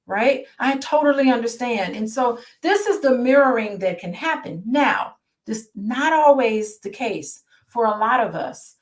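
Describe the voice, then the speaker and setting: Woman therapist, slightly high pitch, reads a book aloud and talks it through, friendly check-ins with the audience. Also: lively intonation, a little slow. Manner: conversational, checks in with listeners. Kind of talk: reading a book aloud and commenting.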